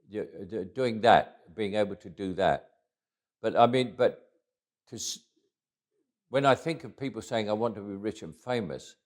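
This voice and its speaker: An older man with a Cockney accent talks through memories in an interview. His voice sits low, and he often chuckles and trails off quietly. He restarts phrases as he goes. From England. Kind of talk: reflective interview storytelling.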